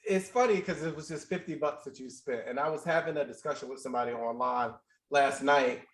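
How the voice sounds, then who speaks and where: A man hosting a podcast in a relaxed, casual way, steering the talk to the next topic. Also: medium pitch, roomy sound, poor audio. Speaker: podcast host.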